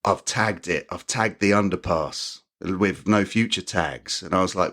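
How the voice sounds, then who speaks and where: A middle-aged man from England, a punk musician chatting as a podcast guest, who acts out the people in his stories and laughs often. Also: normal speed. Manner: animated storyteller, acts out quotes in high voices, laughs often. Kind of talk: casual chat.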